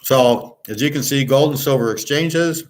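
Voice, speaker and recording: An older livestream host talks at a moderate pace in a mid-range voice. He addresses a viewer head-on, ranting bluntly and profanely and stressing his points again and again.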